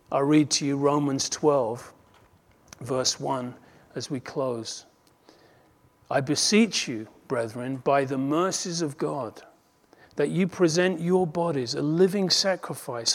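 An earnest male preacher delivers a sermon in a slightly higher-than-usual voice. He acts out short imagined conversations and sometimes restarts a word mid-thought. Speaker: pastor.

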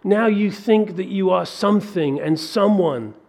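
A man preaching a sermon, working through a scripture passage with animated rhetorical questions. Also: high voice, a little slow, creaky. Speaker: pastor.

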